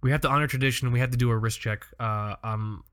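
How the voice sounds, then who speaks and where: A man co-hosting a casual podcast, telling animated stories with plenty of swearing and feeling wired from coffee. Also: medium pitch, fast, clear, resonant tone. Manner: animated, profane storytelling. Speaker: podcast co-host. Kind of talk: casual chat.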